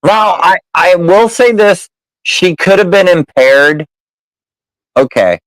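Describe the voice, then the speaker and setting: Cussing guy telling a story, lively up and down voice, dry close sound. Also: high-pitched, takes it slowly, dry recording, rough recording. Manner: profane, animated storyteller. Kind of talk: casual storytelling chat.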